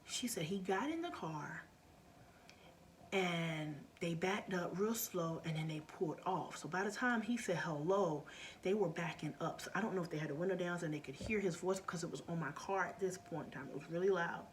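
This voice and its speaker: A woman's voice: fairly low pitch, normal speed, slight background noise. A middle-aged woman vlogger telling a story in a casual, earnest way, often dropping to a near-whisper.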